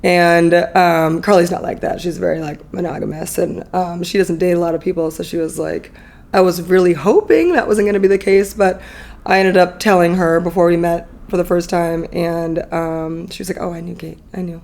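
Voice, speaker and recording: A woman's voice: on the low side, steady tone, normal speed, darkish tone. A woman in her thirties, a podcast guest, telling a personal story candidly in a chatty, emotional way full of fillers.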